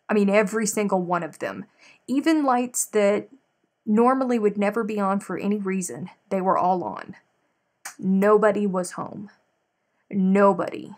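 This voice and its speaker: Woman host, casual live craft chat, animated storyteller talking to viewers. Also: mid-range voice. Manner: chatty, animated storytelling, addresses viewers directly. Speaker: crochet live stream host.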